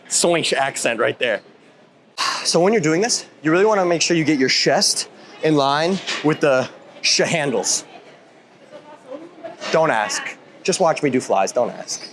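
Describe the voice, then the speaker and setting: A man's voice: on the high side, animated, measured pace, pauses often, fairly bright tone. A man in his thirties giving a casual workout tutorial in a gym. He rambles and jokes, with goofy asides and self-interruptions. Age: 30s. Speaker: fitness YouTuber.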